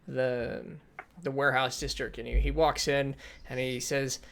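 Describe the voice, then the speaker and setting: A man narrating a tabletop game as game master, casual and halting. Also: medium pitch, little pitch movement, vocal fry, a bit bright, a little hiss or hum. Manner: casual, halting, many fillers.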